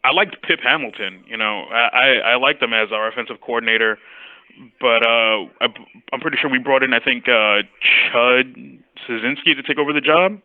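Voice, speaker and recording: A man's voice: mid-range voice, moderate pace, dry recording. A man calling in to a sports talk show from New York City, talking casually with stammering restarts. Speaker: caller. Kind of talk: casual phone-in chat. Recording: tinny phone line.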